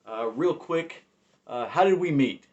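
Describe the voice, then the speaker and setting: A man hosting and directing a podcast, interviewing a guest casually with halting, filler-laden questions. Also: mid-range voice, lively intonation, highs cut off.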